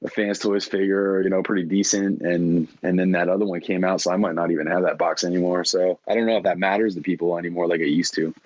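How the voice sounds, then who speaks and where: A man's voice: low-pitched, fairly even intonation, fast talker, hardly any pauses, a little mellow, dry recording, muffled recording. A man co-hosting a podcast, chatting loosely and swearing freely. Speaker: podcast co-host. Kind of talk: casual chat. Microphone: online call recording.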